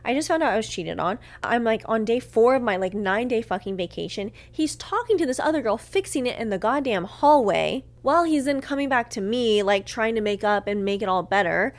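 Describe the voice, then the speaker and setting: This podcast host, a woman with an animated mid-range voice and a slightly fast delivery, tells a frank story from her own life. Profanity flows freely as she moves from soft murmurs to loud outbursts, acting out how she responded.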